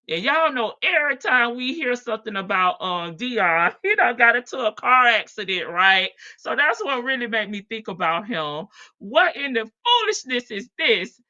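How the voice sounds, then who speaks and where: A woman's voice: fairly high pitch, big pitch swings, normal speed, pushed and bright, dull audio. A woman hosting a true crime live stream, chatting casually and playfully with her viewers and laughing often.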